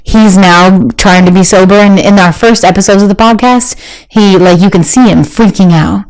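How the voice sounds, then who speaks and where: Animated woman telling her own story. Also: medium pitch, moderate pace, poor audio. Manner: animated, acts out quoted voices, many fillers. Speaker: podcast guest. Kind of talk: candid personal storytelling.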